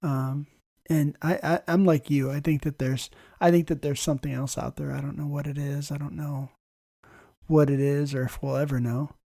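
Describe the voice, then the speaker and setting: A man hosts a casual conversation and tells relaxed stories, often clearing his throat. His voice is gravelly and a bit high for a man. He is recorded close and dry, with no echo. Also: moderate pace. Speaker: podcast host, ER nurse.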